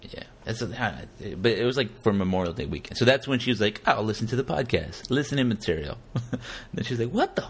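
This man hosts a podcast, his pitch a little low but rising and falling with lots of life. He jokes around in easy conversation and laughs often. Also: fairly quick, husky. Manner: joking, animated, laughs often. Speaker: podcast host. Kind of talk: casual podcast chat.

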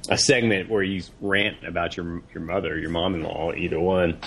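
A man with a very deep voice co-hosts a podcast in loose, casual chat. He rambles and restarts his thoughts, over a faint hiss of background noise. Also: steady tone, moderate pace, gravelly, fairly bright tone. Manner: rambling, hesitant, restarts sentences. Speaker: podcast co-host.

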